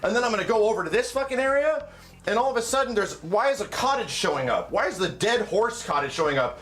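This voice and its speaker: A man hosting a stream, swearing and telling an animated, excitable story in casual chat. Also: high-pitched, fast talker. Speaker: streamer host.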